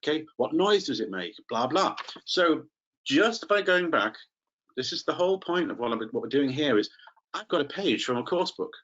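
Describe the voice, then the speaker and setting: A man's voice: fairly high pitch, expressive, normal speed, fairly bright tone. Playful chatty guy running a teacher webinar, kinda dull lo-fi computer mic. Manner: playful, chatty, addresses participants by name. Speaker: teacher trainer. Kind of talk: live online teaching webinar.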